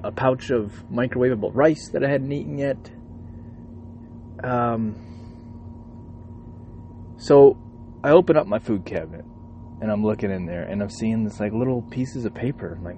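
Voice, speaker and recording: A man's voice: mid-range voice, a little mellow, slightly rough. A man, a truck driver, talking casually from his parked truck cab at a truck stop and ranting profanely with lots of energy. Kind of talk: casual vlog monologue.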